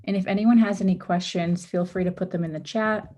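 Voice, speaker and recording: A woman's voice: mid-range voice, fairly even intonation, brisk, warm tone. A woman leading a live online design workshop, walking through steps casually while losing her voice. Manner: casual, step-by-step, with frequent ums and oopses. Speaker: workshop instructor. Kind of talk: live screen-share design tutorial.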